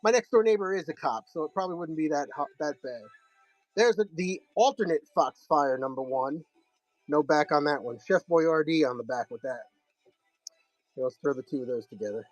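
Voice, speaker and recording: A man's voice: on the high side, animated, normal speed, no room sound, soft background music, low-quality recording. A man hosting a live comic sale, telling a rambling, profane story in a casual way.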